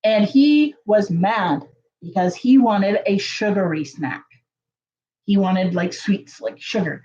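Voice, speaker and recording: A woman telling a story to her viewers in a casual, chatty way, full of fillers and lively jumps in pitch. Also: takes it slowly, highs cut off. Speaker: channel host.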